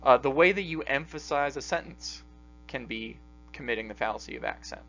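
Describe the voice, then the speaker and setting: A logic instructor with an expressive, mid-range, fairly bright voice gives a casual lecture full of fillers and pauses. The recorded class sounds dull and lo-fi, with a faint mains hum.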